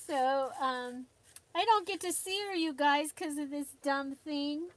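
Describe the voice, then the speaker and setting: A woman's voice: high voice, measured pace, background noise. A woman hosting a casual live stream from her craft desk, chatting with viewers, greeting them by name and laughing often. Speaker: livestream host.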